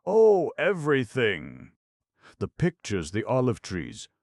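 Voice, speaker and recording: A low-voiced man reading a teasing young woman sleuth. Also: big pitch swings, unhurried, a little mellow, dry recording, studio quality, exaggerated voice. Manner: coy, teasing. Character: spirited, nosy young woman adventurer.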